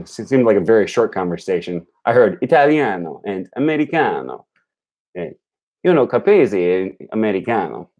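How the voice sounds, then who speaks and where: A young man thinking aloud on a live stream, slowly repeating words as he practises them. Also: deep voice, warm tone. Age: young adult. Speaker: language learner streaming. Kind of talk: casual live-stream commentary.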